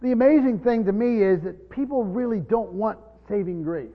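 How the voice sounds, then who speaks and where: A man preaching a Bible-teaching sermon in a teacherly way, often repeating words as he explains. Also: moderate pace. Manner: teacherly, repeats words, drops low for scripture. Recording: dull recording in a long-reverb hall.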